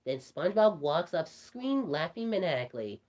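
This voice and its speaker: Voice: mid-range voice, sing-song, moderate pace, darkish tone, close to an everyday voice. A performer voicing a cartoon rabbit telling a creepy story, rambling with stumbling restarts. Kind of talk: storytelling in character.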